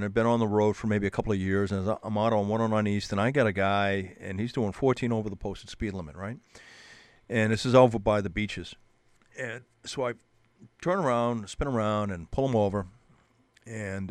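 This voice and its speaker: A man, a police officer, telling an old traffic-stop story in a relaxed chat, restarting his sentences often. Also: fairly low pitch, no room sound. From New Hampshire, US. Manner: rambling, many restarts, animated retelling. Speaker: police officer guest on a show. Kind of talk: casual storytelling.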